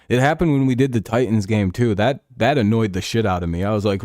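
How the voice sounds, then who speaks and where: Chatting casually on his livestream over a football match, this young male host jokes, swears and laughs often. He talks fast in a fairly low, darkish voice, captured in clean studio sound without any room reverb.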